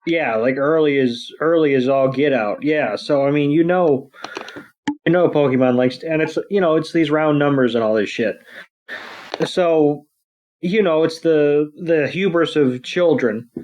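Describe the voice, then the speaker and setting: A man's voice: fairly high pitch, measured pace, a little mellow. A man co-hosting a podcast, chatting in a loose, rambling way with plenty of filler. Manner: laid-back, rambling, with filler words. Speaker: podcast co-host. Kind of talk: casual recap chat.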